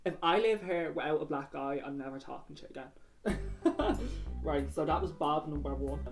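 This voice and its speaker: A woman's voice: low voice, moderate pace. A young woman from North Dublin with a Dublin accent, casually telling crude, slangy stories on her vlog. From North Dublin, Ireland. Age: young adult. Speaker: YouTuber. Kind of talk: casual storytelling, reading out viewer stories. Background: music playing.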